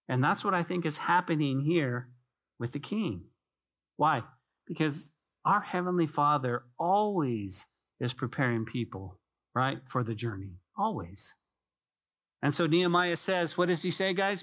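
Pastor with a slightly high voice, casual sermon. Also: male voice, animated, normal speed, fairly bright tone. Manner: conversational preaching, addresses listeners as "guys", repeats phrases for emphasis.

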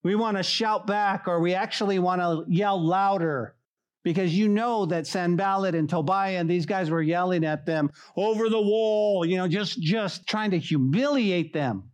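A man's voice: sits high, normal speed. A man preaching a sermon as a pastor, telling stories and acting out mocking voices. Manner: animated, acts out mocking voices.

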